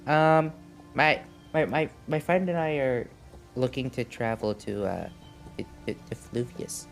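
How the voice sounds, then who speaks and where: A man's voice: mid-range voice, fairly even intonation, a little slow, vocal fry, faint music behind. A man playing a hesitant creature traveler. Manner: hesitant, repeating words.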